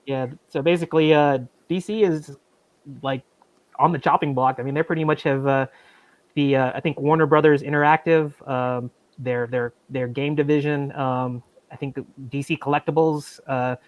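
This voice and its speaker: A man's voice: on the high side, fairly even intonation, normal speed, no echo, highs cut off. A man in a casual podcast chat who laughs a lot and keeps asking questions.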